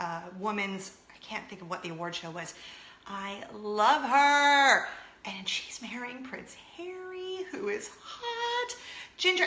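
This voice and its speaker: A woman's voice: medium pitch, sharp tone, echoey room. A woman in her thirties hosting a chatty vlog, gushing and talking straight to her viewers. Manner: bubbly, gushing, talks to viewers directly. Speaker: vlog host.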